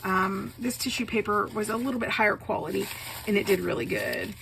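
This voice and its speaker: A woman's voice: mid-range voice, fairly quick, vocal fry. A woman showing off her handmade paper in a casual craft video, gushing with enthusiasm and a little choked up with a cough. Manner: enthusiastic, gushing, repeats praise words. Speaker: craft vlogger, bookbinder. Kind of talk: casual show-and-tell. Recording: steady background noise.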